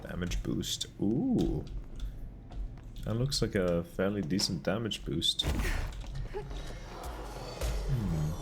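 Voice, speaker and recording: Low, slow-talking male game streamer. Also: heavy background noise. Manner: relaxed, dryly sarcastic musing. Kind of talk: casual gameplay commentary.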